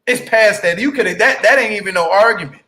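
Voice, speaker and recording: A man's voice: sits high, sharp tone. A man giving a blunt, profane rant in casual commentary as he recaps a reality TV episode. He drags out words for emphasis and keeps asking the listener "you hear me?". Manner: drawn-out emphatic phrasing. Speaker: TV reality show recap YouTuber.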